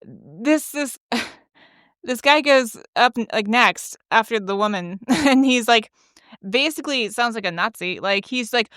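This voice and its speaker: Woman podcast host, chatty, gossipy, laughing storyteller; slightly high voice, dry close mic. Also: expressive, unhurried, fairly bright tone, no echo. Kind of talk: casual storytelling monologue.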